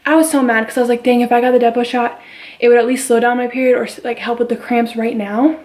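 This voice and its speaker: A woman's voice: a little high, steady tone, fast talker, darkish tone. A young woman vlogging at home, chatting casually as she retells a story and quotes the people in it. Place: at home with her baby.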